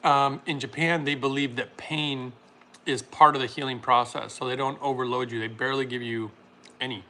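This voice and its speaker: A man hosting a casual livestream, reading chat comments aloud and laughing often while making a smoothie. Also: mid-range voice, fairly even intonation, moderate pace, sharp tone.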